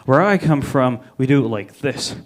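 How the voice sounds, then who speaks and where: A man from Egypt working through a stand-up set on a club stage. His voice sits at an ordinary middle pitch. He talks in a loose, crude, chatty way and keeps checking in with the crowd. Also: animated, normal speed. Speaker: stand-up comic. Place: live comedy club stage.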